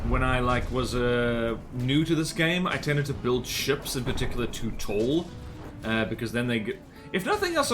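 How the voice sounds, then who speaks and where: A man from the American South talks through a game on a live stream in a loose, rambling way. He keeps restarting his sentences and filling the gaps with "like" and "uh". Faint music plays underneath. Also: medium pitch. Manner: rambling, many fillers and self-corrections. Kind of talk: casual live-stream gameplay commentary.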